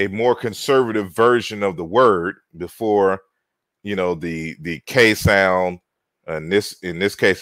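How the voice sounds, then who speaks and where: A man giving an online lecture, slow and halting, spelling out words and often repeating himself. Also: on the low side, a bit bright, no room sound.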